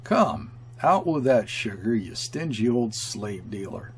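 A man's voice: lowish voice, sing-song, takes it slowly, a little hiss or hum, heavily acted. A man reading as a brash, sneering trader. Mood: mocking. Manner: sneering and shouting. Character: brash, mocking middle-aged European trading-post man.

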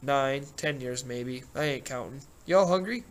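Man reading as a gruff sheriff, middle-aged, folksy, rambling, growling storyteller, storybook voice. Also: medium pitch, a little slow, close to an everyday voice. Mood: folksy storytelling.

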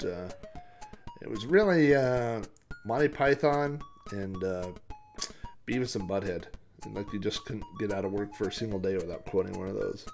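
Gravelly, jokey retro game commentator. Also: male voice, on the low side, darkish tone. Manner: jokey, chuckling, breaks into silly character voices. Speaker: retro gaming podcast host. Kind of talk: casual gameplay commentary.

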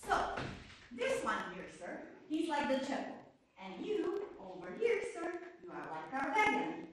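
A woman playing a lively young trader girl. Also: very high-pitched, vocal fry, background noise, full character voice. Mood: animated. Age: young adult. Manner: animated storyteller, slow and expressive. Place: theater stage. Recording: echoey stage from far off.

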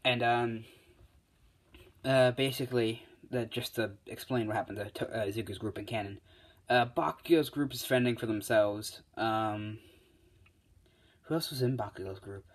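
A man's voice: medium pitch, steady tone, normal speed. A man casually retelling a fan story, rambling with lots of uh's and restarts. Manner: rambling, full of fillers and restarts.

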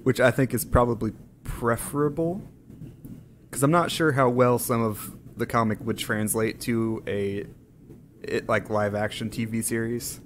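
A man co-hosting a podcast in casual chat, slightly hoarse from being sick, rambling with many hesitations. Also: medium pitch, fairly even intonation, unhurried, slight background noise. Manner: rambling, hesitant, lots of ums. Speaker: podcast co-host.

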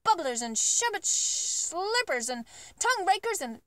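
A woman reads a children's story aloud with a high, bright-sounding voice. Her delivery is expressive and animated, rising and falling freely from line to line as she tells the tale. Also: measured pace, no room sound. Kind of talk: reading a children's book aloud.

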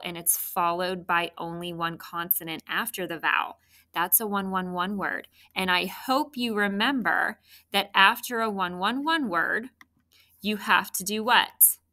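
Slow, bright-voiced woman teaching spelling. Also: on the low side. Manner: clear, patient, prompting questions. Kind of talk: recorded spelling lesson for children.

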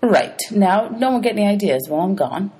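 A woman's voice: medium pitch, animated, brisk, warm tone, slightly rough, pitched above the performer's own voice. A woman reading aloud, voicing a greedy ancient male ferryman of the dead who grumbles and haggles. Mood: scornful. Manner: grumbling, sly, money-hungry.

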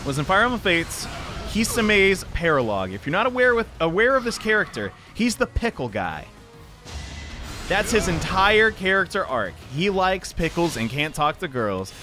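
A young man from the American South giving rambling, self-deprecating, excitable commentary while playing a video game. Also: medium pitch, moderate pace. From Southern United States. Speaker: let's play commentator. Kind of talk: casual gameplay commentary. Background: faint game music.

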